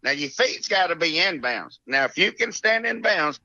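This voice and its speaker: A man's voice: on the high side, sing-song, normal speed, sharp tone, no room sound, dull audio. A middle-aged man with an Alabama Southern accent, a podcast guest telling rambling, salty country stories with frequent laughs. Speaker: guest, golf professional. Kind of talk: casual podcast storytelling.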